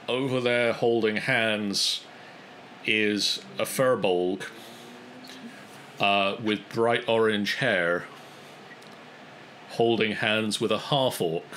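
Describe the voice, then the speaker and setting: Slow, low-voiced man running the game. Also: bright, forceful tone, slight background noise, poor audio. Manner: unhurried, hesitant narration with fillers. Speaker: dungeon master. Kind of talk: narrating a tabletop game.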